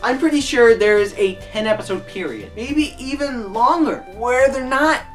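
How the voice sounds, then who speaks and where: A woman giving an opinionated review monologue, animated and exclaiming, often ranting. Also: on the high side, normal speed, soft background music. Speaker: video reviewer.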